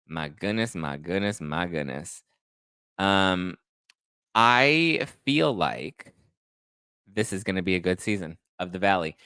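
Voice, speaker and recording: A man's voice: medium pitch, a bit bright, clean tone, no echo. A man hosting a podcast, rambling through casual gossip chat full of "like" and "listen". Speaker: podcast host.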